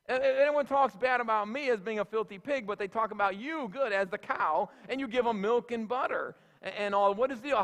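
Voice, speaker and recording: A man's voice: very high voice, fairly bright tone, voice pushed up. A man voicing an indignant, self-pitying barnyard pig in a sermon illustration, whining and stammering through its complaints.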